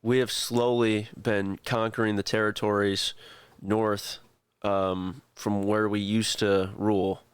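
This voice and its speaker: A man running a tabletop role-playing game, narrating in a relaxed, rambling way. His voice is low, smooth and clear, and he takes his time. The sound is dry and close. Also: takes it slowly, dry recording. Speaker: game master.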